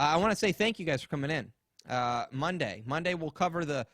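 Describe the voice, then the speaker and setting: A man's voice: a little high, fairly bright tone, dry recording, studio quality. A man hosting a podcast, telling a story in casual, rambling chat, swearing and acting out quotes. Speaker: podcast host.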